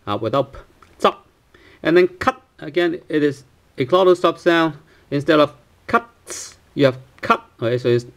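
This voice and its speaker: A male teacher walks through a pronunciation lesson, stopping often with fillers and checking in with "right?" He repeats each sound several times so learners can copy it. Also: fairly high pitch. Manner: hesitant, many fillers and tag questions, repeats sounds for practice. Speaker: language teacher.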